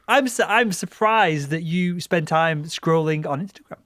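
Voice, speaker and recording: A hoarse man co-hosting a casual chat, choosing his words carefully and hedging his points. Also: fairly high pitch, moderate pace, hardly any pauses, a bit bright, dry recording, studio quality. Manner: careful, hedging, self-explaining. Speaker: co-host.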